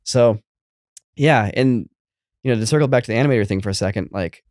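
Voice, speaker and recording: A man's voice: mid-range voice, a little fast, darkish tone, dry recording, studio quality. A man in his thirties co-hosting a podcast in casual chat, rambling with lots of fillers. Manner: rambling, many fillers and restarts. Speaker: podcast co-host.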